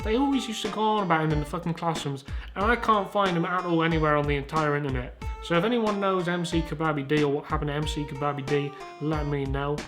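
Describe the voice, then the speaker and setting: Hosting a laid-back comedy commentary, a Southern English man in his twenties rambles, curses, and jokes at his own expense. He speaks quickly with a higher-pitched voice while music plays behind him.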